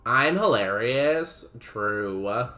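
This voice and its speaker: A man's voice: mid-range voice, animated, very slow, sharp tone, soft background music. A young man streaming a game, chatting casually with his viewers, laughing often and saying "like" a lot. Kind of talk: casual chat while playing a game.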